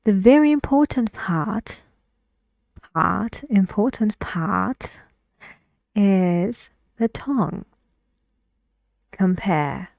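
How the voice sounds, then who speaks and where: A woman teaching English pronunciation in a slow, patient way, often dropping to a breathy half-whisper. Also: mid-range voice, expressive, darkish tone, no echo, clean studio sound. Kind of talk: pronunciation lesson.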